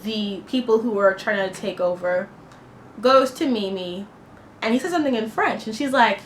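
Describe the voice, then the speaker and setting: A woman's voice: mid-range voice, moderate pace. Indignant woman reviewing a film. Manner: indignant, impassioned, blunt. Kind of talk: opinionated spoken film review. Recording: echoey room with faint noise.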